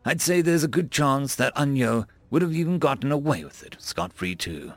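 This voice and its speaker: A man reading an earnest, quietly insistent female Marine officer. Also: medium pitch, animated, moderate pace, dry recording, faint music behind, pitched above the performer's own voice, close to an everyday voice.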